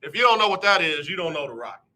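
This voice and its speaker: A man hosting a live radio talk show, animated and joking as he teases his listeners. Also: a little high, quick pace. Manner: animated, joking, playful teasing. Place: radio studio.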